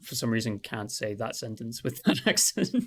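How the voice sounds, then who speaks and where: A man's voice: medium pitch, animated, moderate pace, a bit bright. A man with a mid-range voice narrates a tabletop game as its game master. He talks loosely and laughs easily. He stops often to correct himself.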